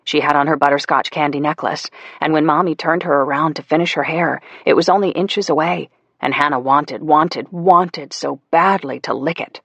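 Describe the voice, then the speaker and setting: A man narrating a psychological thriller audiobook in a measured storytelling manner, voicing the characters as he goes. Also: a little high, vocal fry, fairly bright tone, no room sound. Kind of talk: scripted narration.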